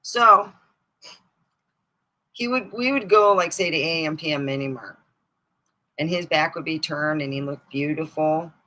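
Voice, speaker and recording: A woman host telling funny family stories on a live stream, animated, often laughing and jumping into high excited squeals. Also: a little slow, pauses often, rough recording. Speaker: comedic storyteller hosting a live stream. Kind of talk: casual stand-up style family storytelling. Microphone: streaming mic.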